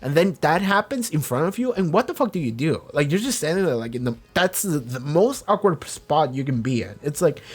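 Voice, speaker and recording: A man's voice: on the high side, sing-song, a little fast, hardly any pauses, husky. A man hosting a reaction channel, rambling through casual commentary with many restarts and acting out quotes. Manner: acts out quoted characters.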